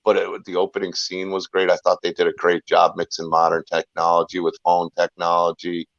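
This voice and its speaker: A low-voiced man with a gravelly, creaky edge rambles through a casual chat as a guest. He talks on and on and trips over his own restarts. The sound is dry and dull, like a lo-fi call. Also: monotone, a little fast, no echo. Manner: rambling, talkative, full of restarts. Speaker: guest, filmmaker and YouTuber.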